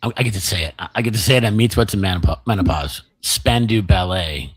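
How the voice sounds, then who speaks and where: A man's voice: fairly low pitch, rapid-fire, breathy edge. An American man co-hosting a casual podcast, joking, rambling and laughing a lot. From United States. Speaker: podcast co-host. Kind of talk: casual chat.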